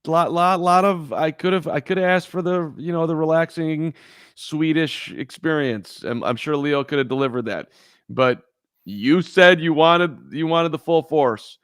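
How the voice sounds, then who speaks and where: A man's voice: a little high, unhurried, fairly bright tone, clean tone, no echo, studio quality. A man co-hosting a casual sports podcast, telling a rambling story with lots of restarts. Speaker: podcast co-host. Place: in Chicago.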